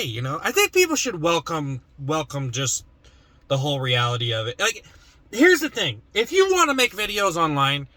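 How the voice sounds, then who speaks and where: A man's voice: high voice, pushed and bright, dry recording. A man vlogging in casual chat to the camera, rambling with lots of fillers and restarts.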